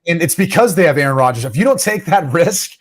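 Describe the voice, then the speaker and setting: A man's voice: on the high side, animated, fast. Plainspoken man giving football analysis. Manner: confident, plainspoken, uses fillers. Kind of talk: casual sports chat.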